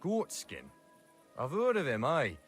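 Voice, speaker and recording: A rough Northern English tavern drinker from a video game, gruff and blunt, who laughs in the middle of his slang. His pitch swoops up and down a lot. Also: huge pitch swings, a little slow, faint music behind, exaggerated voice. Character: rough working-class male tavern drinker.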